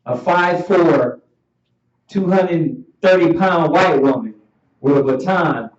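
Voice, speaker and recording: A man with a fairly high voice preaches in an animated, laughing way as he leads a Bible class. He sounds distant from the microphone, and the muffled, dull audio carries heavy room echo. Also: slow pace. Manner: animated, laughing, calls for verses.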